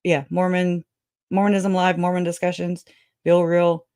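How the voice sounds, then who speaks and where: A woman's voice: fairly low pitch, level tone, measured pace, dark tone, smooth, no echo, clean studio sound. A woman hosting a true crime livestream, rambling, laughing often and teary as she chats. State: crying. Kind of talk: emotional livestream chat.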